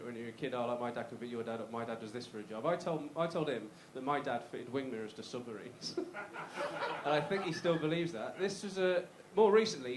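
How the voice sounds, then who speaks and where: A man's voice: mid-range voice, a little hiss or hum. A man in his thirties from the Black Country in the West Midlands with a Black Country accent, doing a live stand-up routine in a comedy club. He is chatty and self-mocking and banters with the crowd. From Black Country, West Midlands, England. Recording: roomy live club sound.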